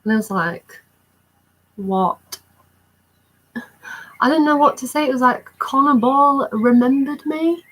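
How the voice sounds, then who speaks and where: A young woman telling an excited storytime vlog in a rambling, chatty way. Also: high-pitched, normal speed, few pauses, rough recording. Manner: excited, rambling recounting with many fillers. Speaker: vlogger.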